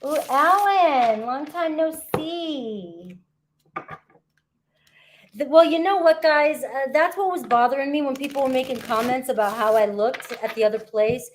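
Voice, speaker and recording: A woman talks viewers through a tarot reading from a spot at the beach. Her voice sits a little high and she keeps the flow loose and conversational. She often pauses to check in with her listeners. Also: a little hiss or hum. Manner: chatty, frequent "all right?" and "okay?" check-ins. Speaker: tarot reader. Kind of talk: casual tarot reading to camera. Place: outdoors at the beach.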